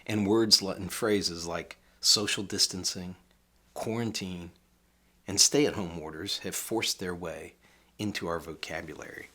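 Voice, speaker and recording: Male pastor, bright forceful voice, husky edge, emphatic video sermon. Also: lowish voice. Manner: emphatic, measured scripture reading.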